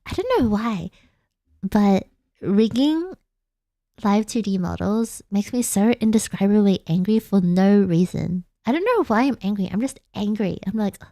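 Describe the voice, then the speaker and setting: A woman's voice: mid-range voice, expressive, unhurried, warm tone, dry recording, studio quality. A young woman from Australia, a vtuber chatting playfully late at night, giggling and rambling. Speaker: vtuber streamer. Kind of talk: casual late-night chat.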